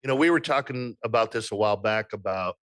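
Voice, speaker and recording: A man's voice: fairly low pitch, fast talker, a bit bright, no room sound, clean studio sound. A man co-hosting a podcast, asking encouraging questions in a casual interview chat. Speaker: podcast co-host.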